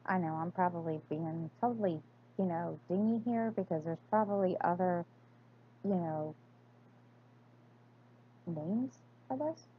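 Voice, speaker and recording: A woman's voice: on the low side, moderate pace, slightly rough, phone-quality sound. A woman chatting casually through an accent tag video, hesitant and full of fillers and restarts. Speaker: crafting vlogger.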